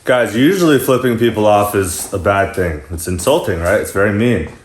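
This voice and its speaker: A man's voice: on the low side, animated, moderate pace, slight background noise. Chatty laughing man in an echoey room. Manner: chatty, laughs often mid-story. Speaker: vlogger. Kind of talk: casual storytelling to friends.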